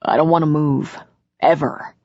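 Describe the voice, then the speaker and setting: A woman voicing a gentle, reassuring man in a romance audiobook, speaking low, soothing and teasing. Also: fairly even intonation, a little slow, dry recording. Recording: dull lo-fi audiobook recording.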